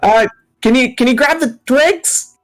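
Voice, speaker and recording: A man's voice: very high voice, a little slow, soft background music, voice pushed up. A man voicing a brash, foul-mouthed female merchant who is new to the trade and chatty and salesy. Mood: yelling.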